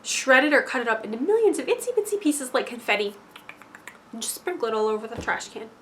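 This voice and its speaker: A young woman talking straight to camera in an emphatic motivational monologue, swinging between loud insistence and hushed asides. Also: fairly high pitch, very animated, quick pace, a little hiss or hum. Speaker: spiritual vlogger.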